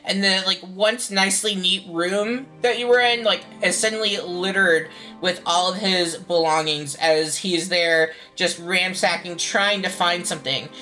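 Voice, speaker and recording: A woman's voice: lowish voice, a little slow, few pauses, sharp tone, soft background music, poor audio. A woman narrating as game master of a tabletop game, loose and rambling with lots of fillers.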